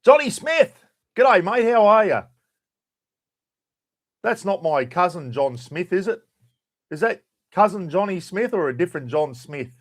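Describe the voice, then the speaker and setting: A middle-aged Australian man hosting a casual live stream, chatting loosely and greeting viewers by name. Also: medium pitch. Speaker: livestream host.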